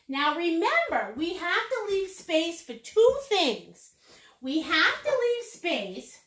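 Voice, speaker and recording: A woman's voice: sits high, a bit bright. A woman teaching a live-streamed painting class, bubbly and playful as she chats with her viewers. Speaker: painting instructor.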